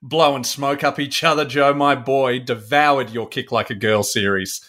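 An easygoing middle-aged Australian man co-hosts a relaxed podcast chat. He rambles a little and fills his pauses with "uh.". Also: medium pitch. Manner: easygoing, rambling, hesitant fillers. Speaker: co-host. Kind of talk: casual chat.

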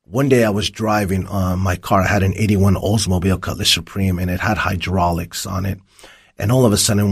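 Husky man telling his testimony. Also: low voice. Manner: vivid storytelling, acts out dialogue. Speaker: interview guest. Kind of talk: personal testimony.

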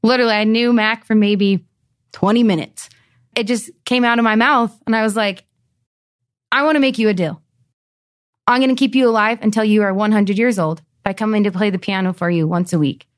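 A young woman telling a story in an interview, lively and animated, acting out the voices of the people she quotes. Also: medium pitch, fairly quick. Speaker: pianist and volunteer.

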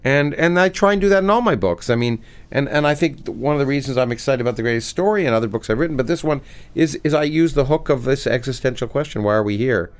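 A middle-aged man, a physicist guest, talking animatedly in an interview with many restarts. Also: mid-range voice. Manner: animated, many restarts, reads a passage slowly. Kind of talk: conversational interview.

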